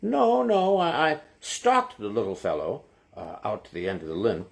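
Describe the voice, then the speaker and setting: A man's voice: fairly low pitch, animated, moderate pace, vocal fry, voice pushed down. A man doing a rambling Irish golfer. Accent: put-on Irish. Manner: rambling, breathless storytelling.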